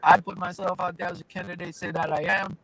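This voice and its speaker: A male judge speaks as a talk show guest, his voice high and held to a narrow, flat range. He makes his points steadily and plainly over a video call. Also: quick pace, no room sound.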